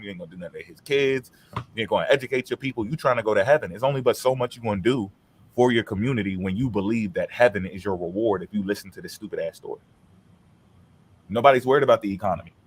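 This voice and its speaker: A man's voice: fairly low pitch, a little hiss or hum. A man hosting a casual streamed chat, talking in a blunt, profane and heated way.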